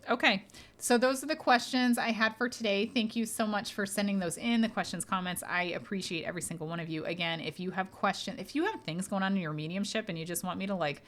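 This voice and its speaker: Talking fast with hardly any pauses, a woman with a fairly low voice hosts a casual podcast as a medium, over slight background noise. She's chatty and reassuring as she takes listener questions, using lots of fillers and laughing lightly.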